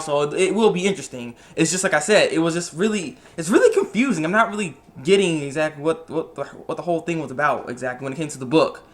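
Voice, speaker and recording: A man's voice: on the high side, fairly bright tone. A young man casually reviewing an anime episode, rambling, repeating himself and trailing off often.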